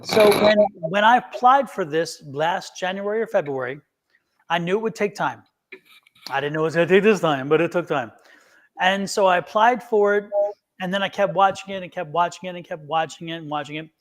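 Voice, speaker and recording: A man's voice: sits high, brisk. A man who reads tarot, chatting casually on a live stream and telling a rambling story, acting out each voice in the conversation. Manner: animated storyteller who acts out both sides of conversations. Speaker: tarot reader and show guest.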